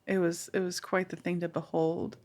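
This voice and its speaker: A woman's voice: on the low side, flat delivery, moderate pace, a little mellow. A woman hosting a casual podcast conversation, encouraging her guest and laughing often.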